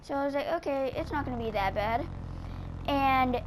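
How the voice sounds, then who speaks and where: High-voiced rambling woman telling a story. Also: normal speed, noisy background. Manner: rambling, heavy on filler words. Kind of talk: casual storytelling over gameplay.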